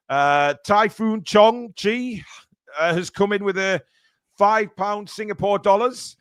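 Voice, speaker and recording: A man's voice: sits high, slow, fairly bright tone, clear, resonant tone, no room sound, studio quality. A man hosting a casual live stream, reading out donations with lots of fillers. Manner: rambling, many fillers. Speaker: stream host reading super chats.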